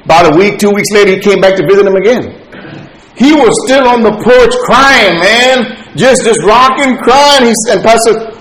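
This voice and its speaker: Animated high-voiced male preacher, echoey room. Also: moderate pace. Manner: animated storytelling, swings from quiet to loud. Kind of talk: sermon.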